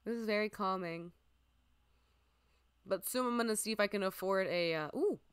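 A young woman streaming a game, chatting casually and listing what she sees, sometimes dropping to a soft near-whisper. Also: mid-range voice, normal speed, clean tone, no echo. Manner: chatty, lists items aloud, drifts into soft near-whispers. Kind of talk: casual gameplay commentary.

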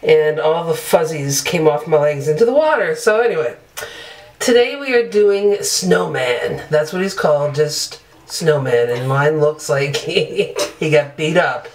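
A woman's voice: low-pitched, animated, a little slow, rough recording. A woman beauty vlogger chatting casually through a product demo in her bathroom, upbeat and loose with fillers.

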